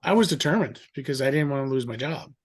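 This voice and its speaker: A middle-aged man telling a story in a rambling, animated way, acting out the voices of others. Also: medium pitch, fast talker. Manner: animated, acts out quoted voices; rambling with fillers and restarts. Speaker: guest. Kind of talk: casual storytelling.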